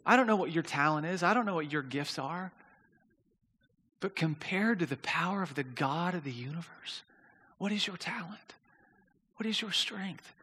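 A high-voiced man preaches in a large, reverberant hall. He tells his story in an animated way, often stumbling over and repeating his words. At the big moments his voice climbs to near shouting. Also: normal speed, pauses often, slightly rough. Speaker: pastor. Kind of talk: sermon with storytelling.

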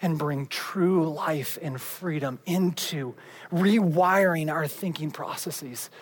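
A preacher delivering a sermon, building up with emphasis and then dropping to hushed, quiet endings. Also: mid-range voice, takes it slowly.

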